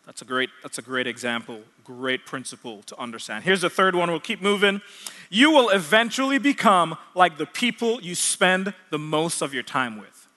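Male preacher from Jamaica, high and bright, earnest and repetitive; long hall reverb. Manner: earnest, repeats key points for emphasis. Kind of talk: sermon.

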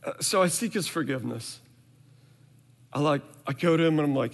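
A man's voice: on the high side, fairly quick, vocal fry. Candid preacher man in a reverberant hall. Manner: candid storytelling, acting out family quotes. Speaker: pastor. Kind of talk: sermon.

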